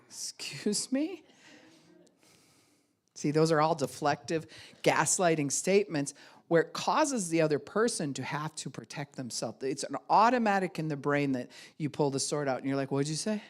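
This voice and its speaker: A woman pastor preaching in a loose, conversational sermon. She keeps breaking into quick high-pitched voices to play both people in a quarrel, then drops back to her lower speaking tone. Laughter slips into her lines as she goes. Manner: acts out both sides of arguments with sudden high-pitched quoted voices; laughs often while preaching.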